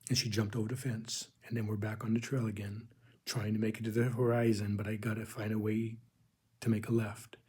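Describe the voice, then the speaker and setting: Husky-voiced man telling an earnest spiritual testimony. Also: fairly low pitch, level tone, warm tone. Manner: earnest, halting, addresses listeners as "people". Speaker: religious video host.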